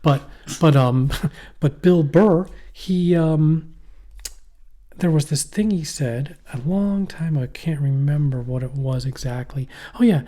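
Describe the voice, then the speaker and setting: A middle-aged man chatting on a podcast, his voice dark and mellow. He rambles, swears freely and keeps breaking off mid-thought to start again. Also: on the high side, unhurried. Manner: rambling, profane, trails off and restarts. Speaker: podcast co-host. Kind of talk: casual chat. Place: poorly heated shack.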